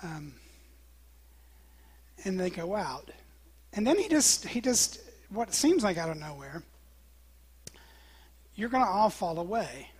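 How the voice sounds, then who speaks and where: Breathy male preacher, animated sermon. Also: high voice, takes it slowly, long pauses. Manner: animated storytelling, acting out quotes, dropping to whispers.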